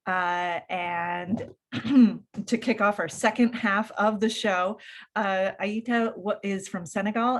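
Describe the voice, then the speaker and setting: Woman, show host, casual chatty delivery, lots of uh and like, medium pitch. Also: noisy background. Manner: loose and chatty with many fillers. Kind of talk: casual event hosting.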